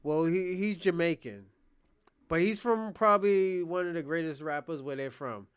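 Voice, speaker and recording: A man doing casual live reaction commentary, animated, loose and profane as he talks to his chat. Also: a little high, moderate pace, clean tone. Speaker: streamer reacting to a debate.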